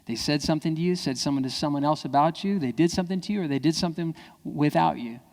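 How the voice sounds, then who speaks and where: A man giving an animated, playful keynote talk, acting out family dialogue in other voices. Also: quick pace. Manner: playful, jumps into high voices when quoting kids. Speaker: keynote speaker. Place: civic center hall. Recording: long reverb of a large hall.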